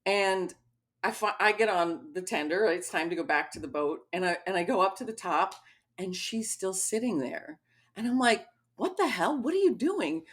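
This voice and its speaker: Animated woman telling a story. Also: on the low side, moderate pace. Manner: animated, acts out quotes with laughter. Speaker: podcast host. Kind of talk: casual storytelling chat.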